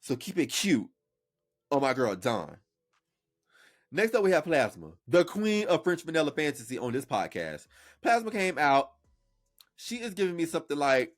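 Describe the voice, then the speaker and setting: A man hosting a podcast, talking in a sassy, playful way as casual reaction commentary. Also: a little high. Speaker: podcast host.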